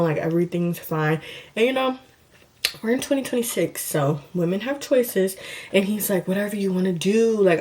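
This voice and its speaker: A young woman vlogger retelling a personal story in a chatty, dramatic way, full of "like" and quick asides. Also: lowish voice, darkish tone. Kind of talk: storytime vlog.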